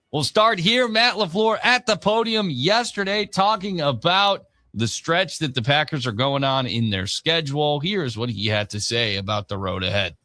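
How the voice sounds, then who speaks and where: A man co-hosting a sports radio show, reading ads and leading segments in a brisk, bouncy way. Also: medium pitch, bright, forceful tone, no room sound. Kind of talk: casual sports talk and ad reads.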